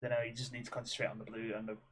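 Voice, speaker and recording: A man's voice: mid-range voice, completely flat delivery, rapid-fire, fairly bright tone, a little hiss or hum. A young man co-hosting a podcast, swearing freely and acting out quotes in his stories. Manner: swearing storyteller, acts out quotes with laughs. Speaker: podcast co-host. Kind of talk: casual chat.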